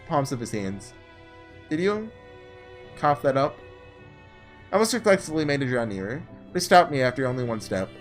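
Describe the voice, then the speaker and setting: A man reading aloud as a frail young woman, in measured, reflective narration, with a lively, varied pitch. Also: lightly acted.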